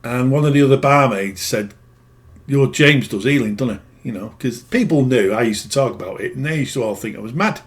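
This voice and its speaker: A man's voice: medium pitch, fast, few pauses. A middle-aged man who works as a spiritual healer, telling a personal story in a rambling, plain-spoken way that often corrects itself. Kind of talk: casual storytelling monologue.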